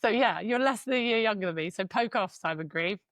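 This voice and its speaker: A woman's voice: mid-range voice, a little fast, fairly bright tone, slight background noise. A woman in her forties co-hosting a podcast, telling stories in casual chat and swearing freely. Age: 40s. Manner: chatty storyteller, swears freely. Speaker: podcast co-host.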